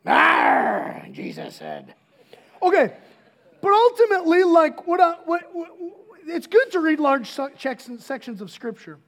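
A man's voice: very high-pitched, animated, normal speed, hardly any pauses. A middle-aged man preaching a sermon as pastor, casual and joking, often restarting his sentences.

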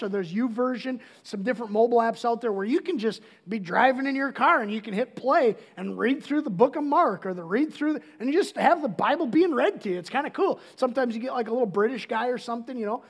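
Man, pastor, high-pitched, casual joking sermon, restarts a lot. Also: animated, quick pace, hardly any pauses, breathy edge.

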